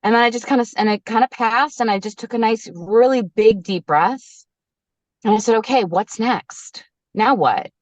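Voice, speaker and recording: A woman in her thirties tells a personal story in a candid, conversational way. Her pitch climbs high when she acts out what she and others said. The audio is dry and a little dull. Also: moderate pace, dry recording. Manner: animated, acts out her own quoted lines. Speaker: podcast guest, resilience coach.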